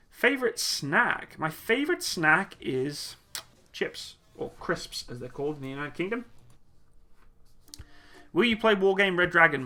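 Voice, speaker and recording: A man's voice: a little high, bright, forceful tone. A man hosting a casual live Q&A stream, reading chat questions aloud in a jokey, laid-back way and laughing easily. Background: faint upbeat music.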